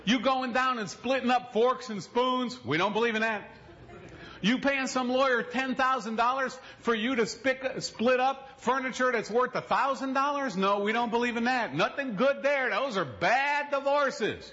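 A man preaching a sermon as a pastor, telling a folksy story and slowing down for emphasis. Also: very high voice, bright, forceful tone, highs cut off.

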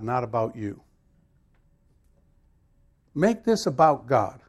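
A man preaching a sermon to his congregation. His voice sits slightly high. He talks in a loose, conversational way, then leans hard into the scripture passages with growing force. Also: animated, moderate pace. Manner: conversational storytelling, rising to emphatic scripture reading. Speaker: pastor.

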